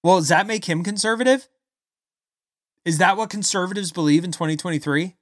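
A man giving an angry, blunt political rant, loud and insulting as he talks. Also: sits high, a little fast, no room sound, clean studio sound. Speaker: political commentator. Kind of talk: ranting political commentary.

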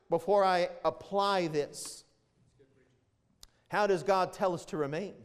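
A man's voice: sits high, slow, long pauses, clear, resonant tone, in a large hall. A male pastor preaching an impassioned, emphatic sermon, growing emotional as he goes. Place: church sanctuary.

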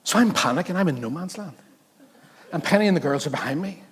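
A man preaching a sermon, telling funny stories in an animated, jokey way and interrupting himself often. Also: a little high, fast talker, long reverb tail. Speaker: pastor. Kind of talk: sermon with humorous storytelling.

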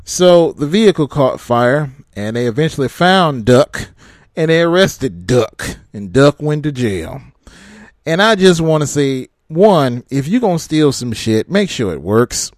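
Animated, swearing truck driver ranting. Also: male voice, a little high, measured pace, no room sound, clean studio sound. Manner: profane, rambling rant with frequent laughter. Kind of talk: casual rant to camera.

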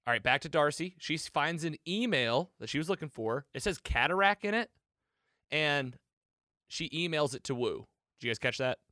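A man hosting a casual show, recapping an episode in an excitable, chatty way with lots of fillers. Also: on the high side, moderate pace, dry recording, clean studio sound. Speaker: podcast host.

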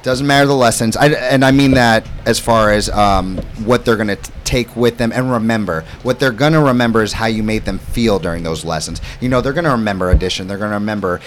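A man's voice: lowish voice, fairly quick, hardly any pauses, slight background noise. A man hosting a casual podcast chat with camp staff, laid-back and encouraging, laughing often.

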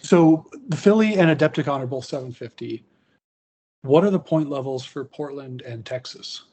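Guy hosting a laid back hobby podcast, bit husky, rambles and restarts a lot. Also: medium pitch, moderate pace. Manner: relaxed, rambling with restarts and fillers. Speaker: podcast host. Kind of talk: casual chat about tabletop wargaming.

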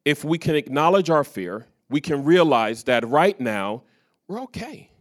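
A man's voice: a little high, very animated, unhurried. A man preaching a sermon to a live congregation, telling stories full of quoted dialogue. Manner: storytelling with quoted dialogue, varied loudness. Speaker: pastor. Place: church stage before a live congregation.

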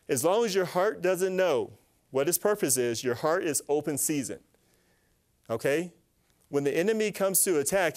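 A man giving an animated, faith-based teaching talk to a live group, asking them questions and acting out little voices. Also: a little high. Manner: animated, asks the audience questions, acts out voices. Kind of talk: lively sermon-style teaching to a live group.

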